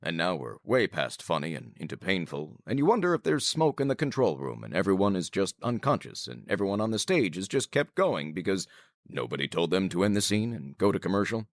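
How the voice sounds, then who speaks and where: Deep, lively male show announcer. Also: brisk, dry recording, clean studio sound. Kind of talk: scripted comic intro.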